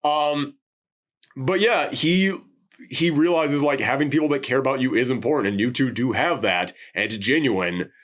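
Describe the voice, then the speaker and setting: A man's voice: medium pitch, moderate pace. A man co-hosting a casual movie review podcast, acting out quotes from the film in dramatic voices. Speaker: podcast co-host.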